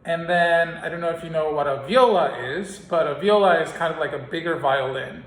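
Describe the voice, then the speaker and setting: A man's voice: a little high, brisk, a bit bright. A man teaching a singing lesson, explaining with analogies and singing scale exercises. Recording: roomy sound with piano behind. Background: piano.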